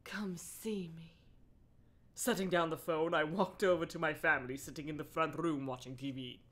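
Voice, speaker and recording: A woman's voice: low voice, steady tone, fairly quick, fairly bright tone. A woman streaming a live book reading, with sarcastic joking commentary and frequent laughs. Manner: sarcastic, laughs often, interrupts herself.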